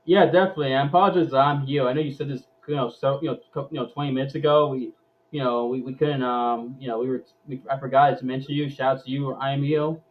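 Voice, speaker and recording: A man hosting a casual live-stream sports chat in an ordinary middle-pitched voice. He often stumbles and repeats words before he gets a thought out. His audio sounds dull and lo-fi. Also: steady tone, fast talker. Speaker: host.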